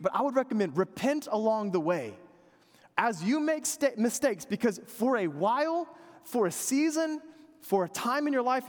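A man in his thirties preaching a sermon, conversational and animated, dropping to quiet earnest asides. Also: very high voice, in a large hall. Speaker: pastor.

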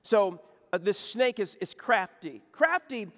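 Male pastor, high voice, folksy storyteller, church hall echo. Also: unhurried. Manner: folksy, animated storytelling, repeats words. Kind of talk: sermon with storytelling. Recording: echoey hall.

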